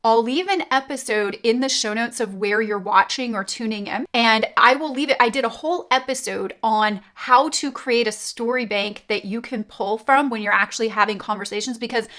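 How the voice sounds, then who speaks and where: A woman's voice: fairly high pitch, moderate pace, few pauses, fairly bright tone. A middle-aged woman from Canada giving upbeat, emphatic sales coaching tips straight to camera. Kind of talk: direct-to-camera coaching talk.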